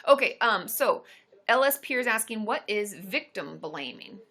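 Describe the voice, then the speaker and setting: A woman therapist hosting a casual live stream, chatting upbeat and answering viewer questions with lots of quick asides. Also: medium pitch, lively intonation, pushed and bright.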